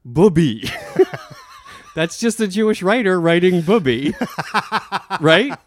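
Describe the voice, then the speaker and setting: A man's voice: high voice, lively intonation. Laughing man cracking crude jokes. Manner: laughing, crude joking, quick banter. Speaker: podcast co-host. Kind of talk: casual chat.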